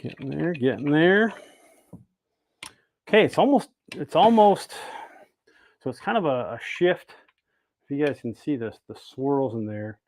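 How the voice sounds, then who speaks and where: A man's voice: a little high, animated, a little slow, long pauses, a little mellow, slight background noise. A man hosting a casual livestream from an indoor workshop, chatting and greeting viewers by name as he works. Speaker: host of a bait-making livestream. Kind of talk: casual livestream demo talk.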